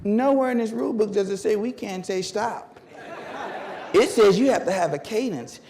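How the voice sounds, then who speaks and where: A man's voice: sits high, moderate pace, a little mellow, a faint crowd, pitched above the performer's own voice. A man voicing a cheeky, defiant teenage girl who is captain of a track team, as he tells a story on stage. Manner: sassy, defiant.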